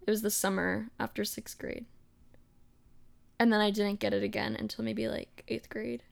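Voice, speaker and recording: A young woman co-hosting a podcast, telling her own stories in a relaxed way and saying "like" often. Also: medium pitch, moderate pace, creaky. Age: young adult. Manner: relaxed, conversational, says "like" often. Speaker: podcast co-host. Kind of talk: casual chat.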